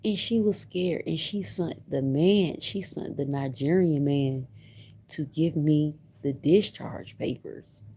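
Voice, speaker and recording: Slow-talking woman telling a story. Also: low voice, dark tone, slightly rough. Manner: emphatic, repeats herself, laughs between lines. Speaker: livestreamer. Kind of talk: casual livestream storytelling.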